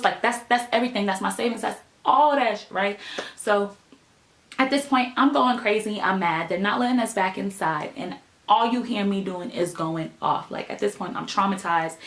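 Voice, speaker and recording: Young woman, casual storytime vlog, emphatic, medium pitch, roomy echo. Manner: animated, emphatic storytelling with many "like" and "right?" fillers. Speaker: vlogger telling a story.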